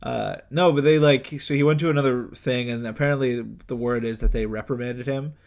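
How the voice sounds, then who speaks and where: A young man on a casual podcast, rambling through a gossip story with plenty of "like" and "uh" and little acted-out bits of dialogue. His pitch sits squarely in the middle, an ordinary everyday voice. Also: fairly even intonation, brisk. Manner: rambling, full of fillers and acted-out quotes. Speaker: podcast co-host. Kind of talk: casual chat, retelling celebrity gossip.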